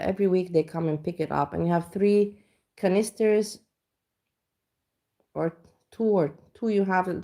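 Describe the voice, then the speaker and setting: A woman's voice: on the low side, mellow. A woman vlogger chatting casually at home, telling a rambling, self-mocking story full of restarts. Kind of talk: casual reaction chat. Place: home kitchen.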